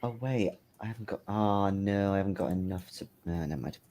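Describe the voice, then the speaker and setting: Low-voiced, dry player. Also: male voice, a little fast, warm tone, slight background noise. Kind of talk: casual tabletop game chat.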